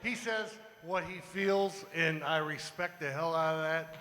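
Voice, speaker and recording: A man's voice: on the high side, measured pace, bright, forceful tone, in a large hall, slight background noise. A man speaking plainly and earthily to an audience as host. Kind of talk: casual remarks to an audience.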